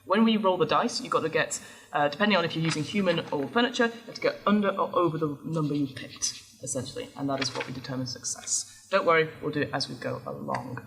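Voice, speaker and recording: A woman's voice: low-pitched, quick pace, a bit bright, slight background noise. A woman acting as game master, chatty and laughing as she explains rules step by step to players.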